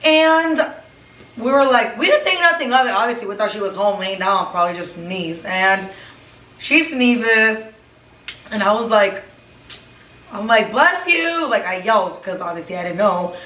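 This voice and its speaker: A woman recounts a spooky story to her sisters, switching freely between English and Spanish. She sounds roomy and sits some distance from the mic. Her pitch sits in a middle range for a woman. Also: moderate pace, bright, forceful tone. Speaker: co-host. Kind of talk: casual storytelling chat.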